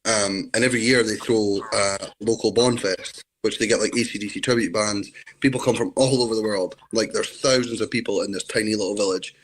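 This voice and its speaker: A man's voice: fairly low pitch, steady tone, fairly quick. A Scottish man from Scotland, chatting as an interview guest on a video call, telling rambling stories. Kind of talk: casual chat.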